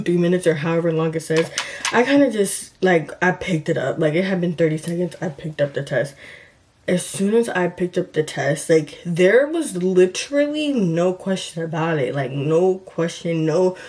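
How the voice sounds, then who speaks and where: A woman's voice: low-pitched, darkish tone. Chatty young woman telling a dramatic story. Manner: chatty, dramatic retelling with lots of "like". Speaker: vlogger. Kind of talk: storytime vlog.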